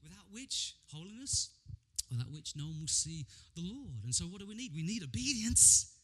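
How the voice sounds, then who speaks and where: Husky, animated preacher man. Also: high voice, normal speed. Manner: animated storytelling, frequent stammered repeats. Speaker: pastor. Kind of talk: sermon.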